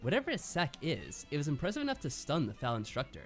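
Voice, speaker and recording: A man reads visual novel narration aloud on a live stream and muses on it. His mid-pitched voice moves up and down a great deal. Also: wildly swooping pitch, fast talker, soft background music. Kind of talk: reading narration and casual commentary.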